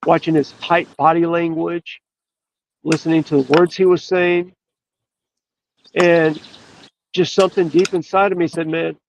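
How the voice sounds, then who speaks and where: A man, a podcast guest, telling a story in an earnest, emphatic way with drawn-out pauses. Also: a little high, a little hiss or hum. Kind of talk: storytelling in casual chat. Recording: dull, lo-fi dry sound.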